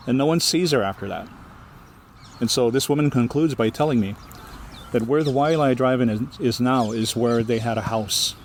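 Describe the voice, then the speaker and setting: A man from Hawaii with a Hawaiian accent, telling a ghost story as a guest storyteller in a lively, animated way. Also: medium pitch, moderate pace, a little hiss or hum. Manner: lively, animated, acts out the voices. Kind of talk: oral storytelling in an interview.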